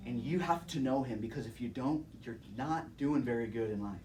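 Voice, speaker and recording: A young man tells his personal testimony in a relaxed, chatty way, dropping "man" and "dude" as he goes and laughing along with his listeners. His voice comes from a mic set well back from him, with a faint hiss of background noise. He speaks at an ordinary pitch. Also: fairly quick, distant mic, poor audio.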